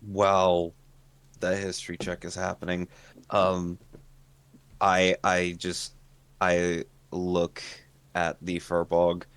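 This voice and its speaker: A man playing in a tabletop game, talking slowly and hesitantly. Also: low-pitched, monotone, clean tone, no echo. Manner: slow, hesitant, often laughing. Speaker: player.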